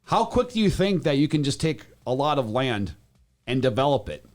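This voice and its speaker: A man from Wisconsin who sells real estate, chatting casually on a panel, animated and joking, often restarting his sentences. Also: medium pitch, moderate pace.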